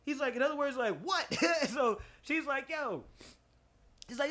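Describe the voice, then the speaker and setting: Animated, high-voiced young man. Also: measured pace. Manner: animated, laughing storyteller, profane. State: stuffy nose. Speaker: podcast co-host. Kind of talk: casual storytelling chat.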